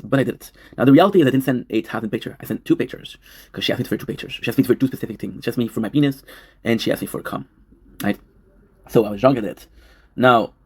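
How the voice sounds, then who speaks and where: Fast-talking husky man in his thirties. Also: medium pitch, a little mellow. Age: 30s. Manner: emotional, repeats himself, swears. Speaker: livestreamer. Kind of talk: rambling confessional livestream talk.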